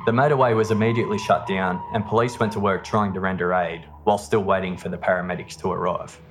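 A man hosting a podcast, telling a true-crime story in a steady, measured scripted narration. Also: low-pitched. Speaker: podcast host. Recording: narration over background music. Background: music.

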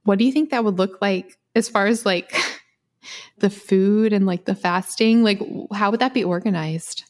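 A woman's voice: medium pitch, moderate pace, darkish tone. A woman co-hosting a podcast in casual chat, reading listener mail aloud in a gushing, chatty way. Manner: gushing, chatty, full of "like" fillers, laughs often. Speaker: podcast co-host.

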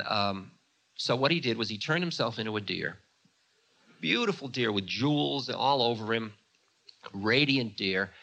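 A man's voice: medium pitch, gravelly, pushed and bright. A man from the United States telling an old story in a chatty way, full of asides. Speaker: spiritual teacher. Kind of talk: storytelling talk.

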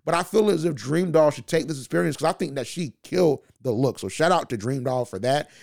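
A man hosting a podcast, giving an animated casual recap of a TV show, often restarting his sentences. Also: on the high side, brisk, gravelly. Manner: animated, frequent restarts and "you know what I'm saying". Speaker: podcast host reviewing a TV show. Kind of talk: casual solo commentary.

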